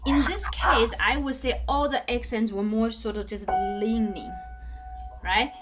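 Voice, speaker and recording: A woman teaching a one-on-one piano lesson, explaining gently, checking in with "right?" again and again, and singing phrases on "da.". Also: fairly high pitch, steady tone, a little slow, noisy background. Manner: sings phrases aloud on "da". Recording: loud piano music behind voice. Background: piano playing.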